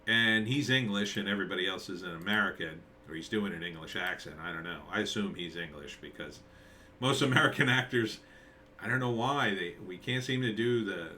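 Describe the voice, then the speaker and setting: Rambling man with a bright, forceful voice. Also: on the low side, fairly quick, a little hiss or hum. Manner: rambling, thinking aloud with many fillers and restarts. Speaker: screenwriter reviewing movie trailers. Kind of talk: casual rambling commentary. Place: at home with a dog nearby.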